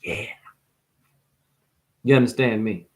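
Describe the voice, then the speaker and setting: A man's voice: medium pitch, fairly even intonation, slow pace. A man giving a confrontational, preachy monologue as a spiritual teacher, calling the listener honey. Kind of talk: ranting monologue.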